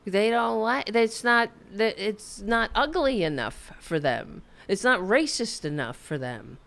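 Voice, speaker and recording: She speaks slowly at a medium pitch, with lively intonation, vocal fry, and a bit of brightness. As host of a political podcast, she delivers an angry, swearing rant, repeating herself and restarting often.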